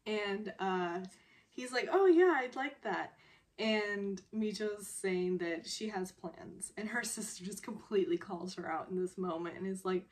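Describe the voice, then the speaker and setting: Giggly woman vlogger, mid-pitched, rambling casual recap full of fillers. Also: steady tone, a little slow. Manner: giggly, laughs often while retelling.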